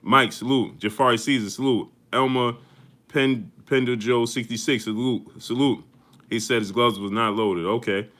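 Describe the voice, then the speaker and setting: Bright-voiced man hyping a live stream. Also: mid-range voice, normal speed. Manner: energetic, greets viewers one by one with slang. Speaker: host of a boxing live stream. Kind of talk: casual live-stream shout-outs.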